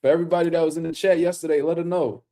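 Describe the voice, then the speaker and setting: Man, boxing stream host, casual livestream commentary, slangy, loose, chatty with viewers, slightly high voice. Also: fairly even intonation, racing, dark tone.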